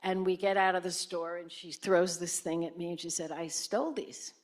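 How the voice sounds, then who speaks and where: An older woman, a former senator, telling stories in a conversational way at a lecture and acting out the people she quotes. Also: fairly quick. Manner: animated, acts out quoted voices with sharp jumps in pitch. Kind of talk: conversational storytelling on stage.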